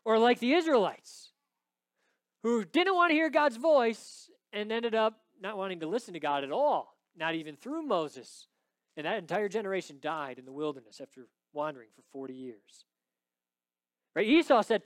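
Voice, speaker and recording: Male pastor, high voice, dry close sound, dramatic sermon delivery with hushed drops and loud peaks. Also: lively intonation, normal speed, dry recording.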